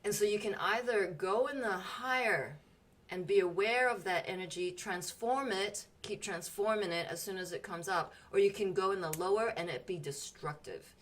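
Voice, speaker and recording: A woman's voice: medium pitch, normal speed, a bit bright, distant mic. A woman in casual spiritual group chat, telling emotional stories animatedly and swearing freely.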